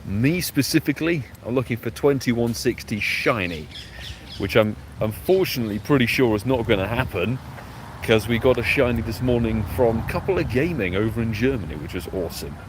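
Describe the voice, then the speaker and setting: A British man with a mid-range, lively voice talks fairly quickly while hosting a live stream outdoors beside a road. He chats casually, greets viewers by name, and pauses to catch his breath. Traffic noise comes through clearly in the recording.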